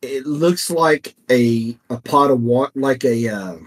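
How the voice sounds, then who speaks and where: A man's voice: mid-range voice, slow. A man co-hosting a casual podcast chat, easygoing and rambling as he explains things. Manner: easygoing, rambling, restarts mid-thought. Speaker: podcast co-host.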